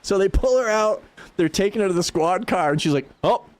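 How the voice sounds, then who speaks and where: A man's voice: high-pitched, lively intonation, a little fast, no room sound. A man streaming a game and chatting casually, swearing and laughing his way through stories. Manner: loose, profane storytelling, laughing often. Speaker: livestreamer. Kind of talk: casual gaming stream chat.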